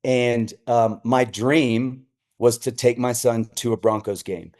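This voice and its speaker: A man's voice: medium pitch, takes it slowly. A middle-aged man, a senior pastor, telling stories as a guest in a casual podcast chat, acting out the voices of people he quotes. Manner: animated, acts out quoted voices.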